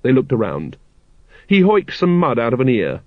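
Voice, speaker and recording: A male narrator reading a novel aloud with an expressive, character-driven delivery. His pitch moves animatedly from line to line. The recording is dry and slightly dull. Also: moderate pace, no room sound. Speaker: audiobook narrator. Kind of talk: scripted narration.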